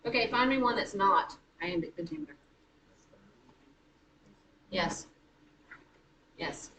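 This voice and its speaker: A woman leads a high school writing class in a loose, teasing way, stopping to correct herself as she goes. She sounds distant from the microphone in a reverberant classroom. Steady noise runs under her voice. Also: slow, pauses often. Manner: chatty, self-correcting, teasing. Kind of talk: classroom teaching. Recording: echoey room, far from mic, noisy.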